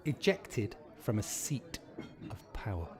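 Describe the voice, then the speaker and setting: A man in his thirties hosting a live pub quiz, chatty and sweary, repeating each question slowly. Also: fairly low pitch, very animated, a crowd in the background.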